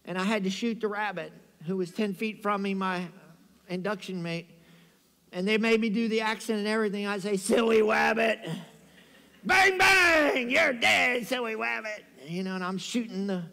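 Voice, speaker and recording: A man preaching a sermon as pastor, telling lively stories and calling on the congregation to say amen. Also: sits high, moderate pace, long reverb tail. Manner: animated storytelling preacher, calls for amens. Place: church sanctuary.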